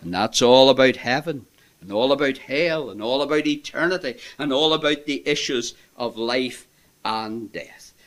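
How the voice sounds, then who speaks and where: A man preaching a sermon in an impassioned way, swinging between loud emphasis and hushed asides. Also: medium pitch, normal speed.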